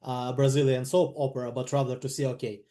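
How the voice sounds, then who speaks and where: A man's voice: medium pitch, level tone, brisk, dark tone. A man practicing a sales role-play on a video call, thoughtful and a little hesitant. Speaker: sales trainee.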